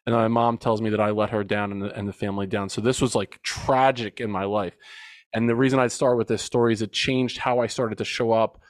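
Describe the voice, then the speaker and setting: There's a lowish, fairly even voice here, moving fairly quickly on a dry recording. It belongs to a forties-aged men's coach guesting on a podcast, who tells a personal story in an earnest, reflective manner with emphatic retelling.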